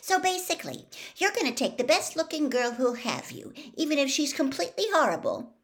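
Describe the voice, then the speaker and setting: A woman's voice: sits high, very animated, a little fast, voice pushed up. A woman doing a prim indignant schoolgirl.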